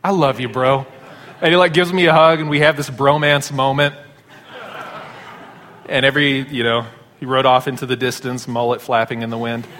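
A pastor preaching a sermon, telling stories in a conversational way. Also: male voice, medium pitch, level tone, moderate pace, pushed and bright, a little hiss or hum. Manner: conversational storytelling. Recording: long hall reverb.

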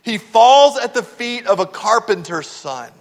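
High-voiced man preaching in a hall. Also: sing-song, unhurried. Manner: earnest, explains scripture verse by verse. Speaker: pastor. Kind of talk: sermon.

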